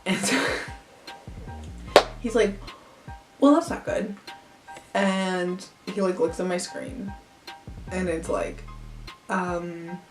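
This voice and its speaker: A woman's voice: lowish voice, level tone, extremely slow, pauses often. A young woman vlogger telling a storytime tale in a chatty way, full of "like.". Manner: chatty, heavy use of "like". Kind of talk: storytime vlog. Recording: echoey room, distant mic, faint music.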